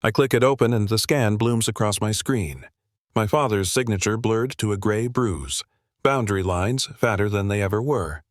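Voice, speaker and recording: A man narrates a scripted first-person story in a steady, wry and literary way. His voice is low and sits dry and close on the recording. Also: normal speed, no room sound.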